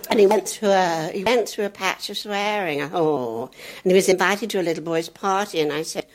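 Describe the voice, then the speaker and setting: An older English woman doing stand-up, telling family anecdotes in a chatty, jokey way and laughing at her own punchlines. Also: brisk. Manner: jumps high in pitch when doing children's and others' voices. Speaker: comedian. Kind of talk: stand-up storytelling. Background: audience laughter.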